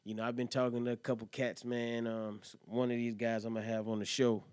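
A man's voice: mid-range voice, level tone, a little fast, darkish tone, clear, resonant tone, no room sound. A man hosting a podcast in casual, profane, rambling chat. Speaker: podcast host.

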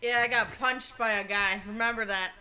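Bright, blunt woman co-hosting a podcast. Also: fairly high pitch, steady tone, normal speed, poor audio. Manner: blunt, swears freely. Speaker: podcast co-host. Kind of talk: casual banter.

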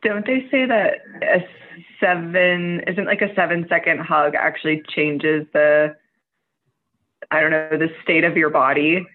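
High-voiced man on a tinny line. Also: steady tone, unhurried. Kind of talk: casual chat.

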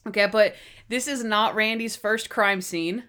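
A woman's voice: mid-range voice, unhurried, smooth. A young woman co-hosting a casual chat and animatedly recapping a TV episode, acting out lines in little voices. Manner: animated, acts out quotes in character voices. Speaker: podcast co-host.

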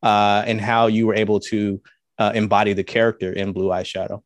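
A man hosting an interview, asking measured questions and giving brief affirmations. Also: on the low side, flat delivery, no echo, clean studio sound. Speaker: interview host. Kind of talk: casual interview conversation.

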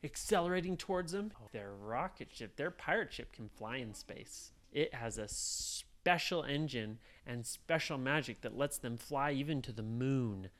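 A woman in her thirties telling a made-up bedtime story to children, slow and playful. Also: rumbling low, expressive.

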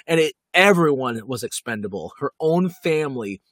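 A man's voice: mid-range voice, animated, normal speed, fairly bright tone, no room sound, clean studio sound. A man co-hosting a casual podcast, talking with enthusiasm and firm opinions about TV characters. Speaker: podcast co-host.

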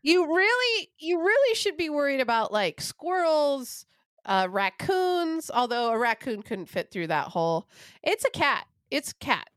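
A woman's voice: sits high, big pitch swings, unhurried, a bit bright, no room sound. A young adult woman telling a long, rambling, profane story in casual chat.

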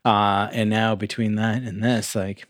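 Low-voiced, thoughtful man on a podcast. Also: little pitch movement, measured pace, no room sound, clean studio sound. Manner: thoughtful, trails off softly, hesitant fillers. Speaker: podcast co-host. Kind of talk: casual chat.

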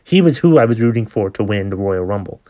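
Ranting, profane man, low-pitched. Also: lively intonation, fast, mellow. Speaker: podcast host. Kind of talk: casual storytelling monologue.

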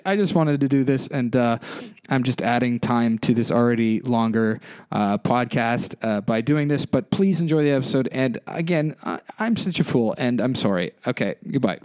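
A man's voice: medium pitch, darkish tone, no echo. A young man co-hosting a podcast, talking casually with apologetic, rambling restarts. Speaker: podcast co-host.

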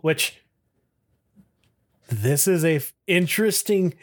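A man's voice: on the high side, normal speed, a little mellow. A man co-hosting a podcast, recapping a TV episode in casual chat and laughing often as he retells it. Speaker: podcast co-host.

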